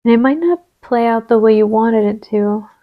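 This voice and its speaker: Soft-spoken woman giving a card reading. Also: fairly high pitch, normal speed, narrow, tinny audio. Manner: gentle, reassuring, drifts into soft whispers while placing cards. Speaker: tarot reader.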